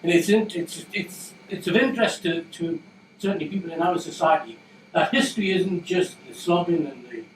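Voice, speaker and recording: A man's voice: high voice, moderate pace, a little hiss or hum. A man hosting a book launch, talking in a rambling, jokey way with lots of restarts. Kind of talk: casual public remarks. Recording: echoey room from far off.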